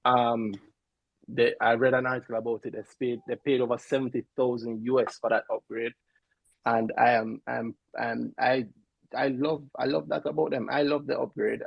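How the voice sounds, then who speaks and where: A man with a gravelly, husky voice hosts a casual livestream show. His sound is dry and close, and he talks in a loose, chatty way, often stumbling over and repeating his words. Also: medium pitch, no echo, poor audio. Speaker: show host.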